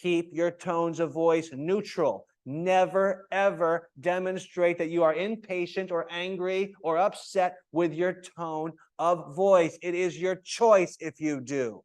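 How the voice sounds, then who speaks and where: Male yoga teacher trainer, slightly high voice, emphatic lecturing to a live class. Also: takes it slowly, hardly any pauses. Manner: animated, emphatic, checks in with "okay?".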